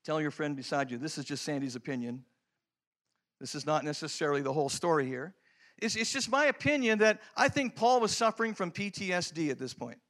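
High-voiced pastor preaching. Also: male voice, lively intonation, brisk. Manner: storytelling, swings from loud emphatic lines to hushed prayerful ones. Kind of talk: sermon.

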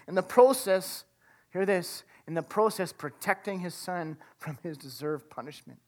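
A woman preaching a sermon, retelling a story dramatically and dropping to a hush for emphasis. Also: fairly low pitch, normal speed. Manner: dramatic retelling, acting out the characters' lines.

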